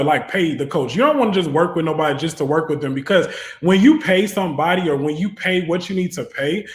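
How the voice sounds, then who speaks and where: Guy doing a tarot reading, kinda high voice, preachy and fired up, echoey room. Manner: preachy and fervent, rising into exhortation. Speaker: tarot reader. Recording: roomy echo.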